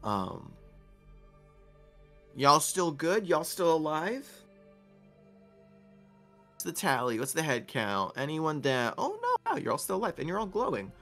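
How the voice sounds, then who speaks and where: A man's voice: on the high side, huge pitch swings, measured pace, long pauses, sharp tone, faint music behind, pitched above the performer's own voice, full character voice. A man voicing a sleepy, cranky woman warrior who is also a parasite from another world, swearing in exasperation. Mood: exasperated.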